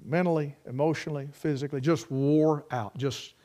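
A man preaching a sermon, swinging from loud ringing peaks to low, quiet storytelling. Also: fairly even intonation, normal speed.

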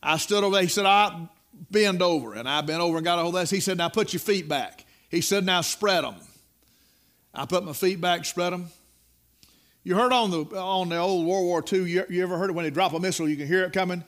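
A middle-aged man preaching a sermon, telling a folksy, dramatic story that rises to loud peaks. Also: high-pitched, brisk.

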